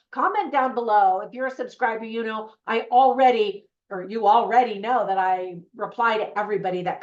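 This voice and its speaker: Woman, movie reviewer, chatty and upbeat, talks straight to viewers, slightly muffled sound. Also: fairly high pitch. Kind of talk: casual video review.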